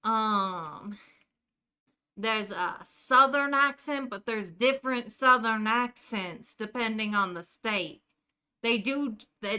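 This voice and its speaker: A woman's voice: fairly high pitch, bright, forceful tone, clean tone. A woman streamer chatting casually while gaming, teasing the characters in a put-on Jersey accent. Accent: put-on New Jersey. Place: indoor room at home.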